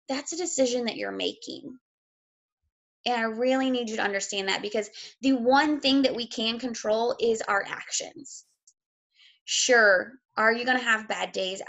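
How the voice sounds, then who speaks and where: A woman's voice: on the high side, creaky, a bit bright. A woman, a fitness coach giving a blunt, emotional motivational talk, sick and close to tears, swearing freely.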